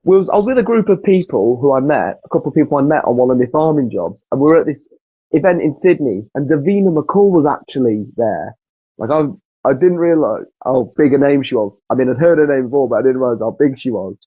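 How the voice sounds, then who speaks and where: A man's voice: mid-range voice, expressive, fast, husky, dry recording. A man from England telling stories as a podcast guest, casual and swearing freely. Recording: dull dry lo-fi sound.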